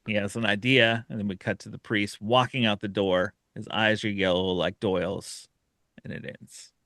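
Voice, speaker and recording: A man hosting a podcast, casually and excitedly retelling a horror short film and acting out its characters' lines as he goes. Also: fairly low pitch, normal speed, dry recording, studio quality. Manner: animated retelling, acts out the characters' lines with laughter. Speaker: podcast host.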